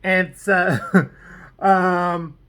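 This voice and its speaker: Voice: mid-range voice, steady tone, drawn-out words, a bit bright, smooth. A vlogger casually recapping a TV episode, rambling off on tangents with lots of "like" and "um". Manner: fillers like "like" and "um". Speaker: TV episode reviewer.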